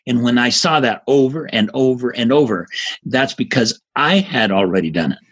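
Energetic emphatic man in his seventies. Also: medium pitch, moderate pace, slightly rough. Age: 70s. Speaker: guest. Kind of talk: casual interview chat.

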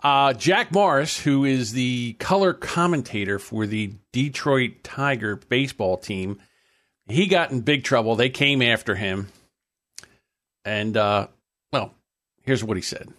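A man's voice: medium pitch, expressive, unhurried, a bit bright. A man co-hosting a podcast in casual banter, blunt and swearing freely. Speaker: podcast co-host.

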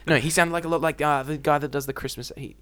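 A man's voice: fairly high pitch, steady tone, fast, a bit bright, clear, resonant tone. A young man co-hosting a casual podcast chat, a rambling, jokey storyteller who swears freely, recorded on a phone. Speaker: podcast co-host.

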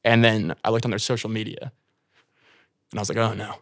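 A man's voice: fairly low pitch, flat delivery, a little fast, dry recording, clean studio sound. A young American man talking casually as a podcast guest, rambling with lots of filler words and swearing. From United States.

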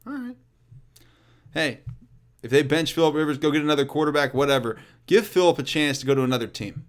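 Animated, blunt male sports talk host. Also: on the high side, fast. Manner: blunt and profane, riffing with laughs; animated, swings between loud and quiet. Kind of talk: casual solo sports commentary.

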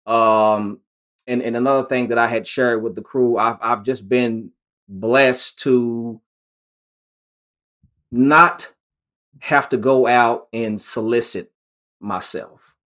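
A man's voice: medium pitch, steady tone, takes it slowly, pauses often, fairly bright tone. A man in casual conversation, telling stories about his lawn care business in an easygoing way, with frequent restarts. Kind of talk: casual chat.

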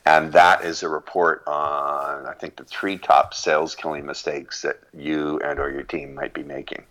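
Middle-aged male guest, booming deep voice, lively consultant who laughs a lot. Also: moderate pace, poor audio. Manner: expressive, laughs often, spells out words. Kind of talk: interview conversation.

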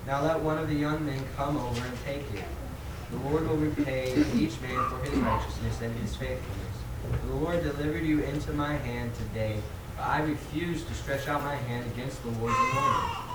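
A man reading a Bible passage aloud in a steady, measured way. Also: medium pitch. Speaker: scripture reader. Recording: echoey room, far from mic, loud noise.

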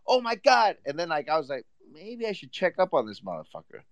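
A man's voice: a little high, quick pace, lo-fi sound. A man hosting a casual chat, telling a story with lots of laughter. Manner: animated storyteller, laughs often.

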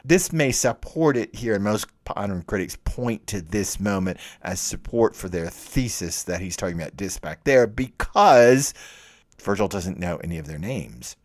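A man giving a relaxed, chatty literature lecture. His voice sits a little low, and he slips into animated readings of quoted lines. He keeps an easy conversational flow. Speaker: lecturer on Dante.

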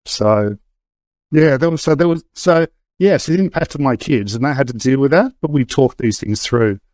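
A man's voice: mid-range voice, lively intonation, normal speed, darkish tone, no room sound. A middle-aged man, an interview guest telling his story frankly and casually, with many hesitations and restarts. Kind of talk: candid conversational storytelling.

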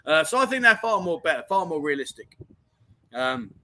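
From his home in Pattaya, a man hosts a casual livestream chat show, reading viewer comments in a chatty, matey way and calling everyone mate. His high-pitched voice is very animated and sharp at a normal speed, and the recording is rough.

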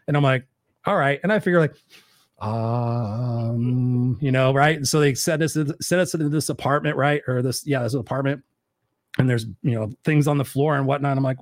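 A man's voice: medium pitch, fast talker, no echo, studio quality. A man hosting a casual live talk show, rambling loosely through stories and swearing freely. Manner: loose, profane, rambling storyteller. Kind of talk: casual live-stream chat.

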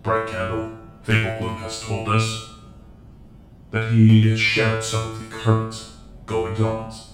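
A man voicing a formal, measured cyborg council leader in a tabletop game. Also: fairly low pitch, completely flat delivery. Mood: stern. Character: stern male cyborg council elder, crab-legged. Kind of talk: tabletop role-play voicing. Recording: echoey, with loud guitar music.

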